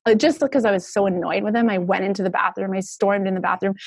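A woman in her thirties, a guest telling an emotional personal story in an animated way, with many "like" fillers. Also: mid-range voice, quick pace, slightly rough.

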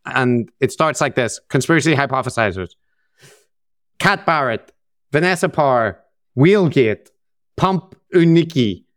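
Slow-talking man with a Belfast accent. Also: on the high side, lively intonation, no room sound, clean studio sound. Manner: jokey, teasing, drawls names for comic effect. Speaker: podcast co-host. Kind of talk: casual chat.

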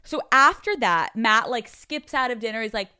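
A woman's voice: fairly high pitch, animated, normal speed, pushed and bright, clear, resonant tone, no room sound, studio quality. A young woman podcast host being interviewed, telling a personal story in a frank, chatty way with plenty of swearing. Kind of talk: casual candid conversation.

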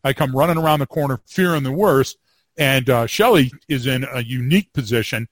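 A man co-hosting a podcast, a former police field training officer telling a story with wry humor and lively delivery. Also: mid-range voice, brisk, no echo. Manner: animated storyteller, wry humor, repeats words when starting. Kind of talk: casual storytelling chat.

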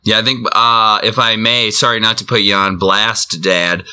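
A man's voice: on the low side, little pitch movement, moderate pace, bright, forceful tone, smooth. A man co-hosting a casual music podcast, making wry joking asides. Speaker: podcast co-host. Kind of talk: casual chat.

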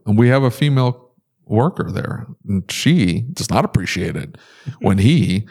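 A man's voice: lowish voice, lively intonation, moderate pace, a little mellow. A man telling stories in a casual podcast chat, ranting with exasperation and big jumps in his voice.

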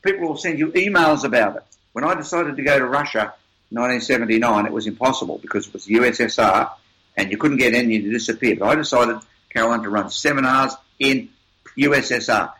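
A man's voice: medium pitch, fast, bright, forceful tone, low-quality recording. An older man, an interview guest, telling motivational stories in an emphatic, upbeat way with repeated words. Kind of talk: motivational storytelling.

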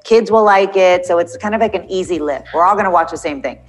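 A middle-aged woman being interviewed about her film role, chatting casually and acting out quotes with lively laughs. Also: fairly low pitch, fast, soft background music, rough recording. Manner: animated, acts out quotes, laughs often. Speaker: actress interviewed as guest.

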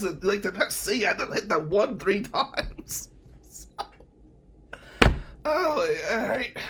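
Male host, 40s, sarcastic comic storyteller, very lively delivery. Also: sits high. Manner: sarcastic, animated. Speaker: podcast host. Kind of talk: comedic storytelling.

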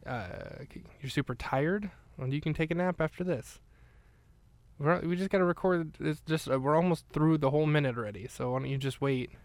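A man's voice: fairly high pitch, a little fast, a little mellow, dry recording. A man hosting a podcast, recapping a film in casual, rambling chat full of fillers and restarts. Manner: rambling, chatty, with many fillers.

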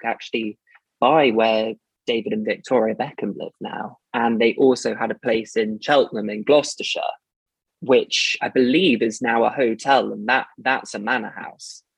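A man with a posh English accent talks in a careful, hedging way, softening his points. His voice is a little husky, set in a dry, close recording with no room sound. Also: mid-range voice, no room sound, rough recording. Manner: measured, hedging with "sort of" and "as such". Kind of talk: casual chat.

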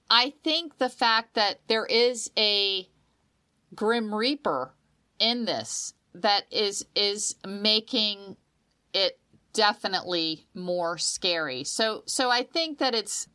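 A woman co-hosting a casual talk show, telling stories with emotion and often repeating words as she starts her sentences. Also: mid-range voice. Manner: emotional, animated storytelling with dramatic quoted voices. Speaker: podcast co-host. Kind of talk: casual chat.

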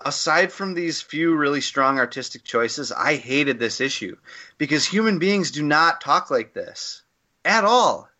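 A man's voice: fairly high pitch, expressive, unhurried, bright, forceful tone. A man co-hosting a casual podcast discussion, giving an opinionated, rambling critique full of fillers and restarts. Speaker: podcast co-host.

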